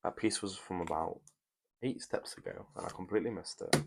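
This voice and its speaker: A young man with a British accent and a low voice talks to his live-stream viewers while he builds. He rambles along in a chatty, easygoing way. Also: fairly quick, creaky, background noise. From Britain. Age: young adult.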